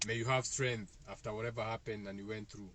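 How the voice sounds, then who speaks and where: A man's voice: lowish voice, fairly even intonation, brisk, fairly bright tone, a little hiss or hum. A man with a Kenyan accent hosting a casual spiritual self-help talk for viewers, speaking in a loose, repetitive way with many fillers. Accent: Kenyan, Kikuyu-speaking.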